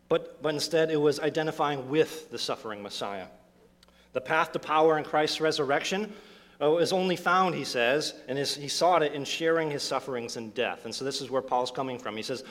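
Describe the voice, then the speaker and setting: A man delivers a sermon from the pulpit in a slightly high voice. He is emphatic and earnest, restarting phrases and pressing rhetorical questions on his listeners. His voice rings out with a long reverb through a church sanctuary. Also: normal speed, a bit bright. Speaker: pastor.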